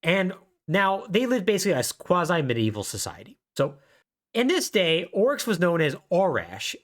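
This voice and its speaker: This male podcast co-host, whose voice runs on the high side, shares a story at an even, moderate speed. The chat is casual, and he animates the tale with jokes he finds funny himself.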